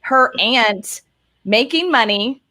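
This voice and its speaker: A woman's voice: fairly high pitch, animated, slow pace, sharp tone. A woman hosting a casual interview over a video call, encouraging her guest and often adding "right?". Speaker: host.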